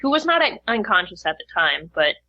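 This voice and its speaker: A woman's voice: mid-range voice, very animated, fairly quick, no room sound. A woman player speaking in character in a tabletop game, formal, polite and assertive. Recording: dull, lo-fi sound.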